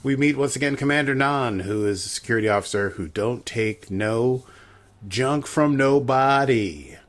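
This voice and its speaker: A man's voice: medium pitch, brisk, fairly bright tone. Chatty, jokey man recapping an episode. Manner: chatty and jokey, riffing with asides. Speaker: podcast co-host. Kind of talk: casual episode recap chat.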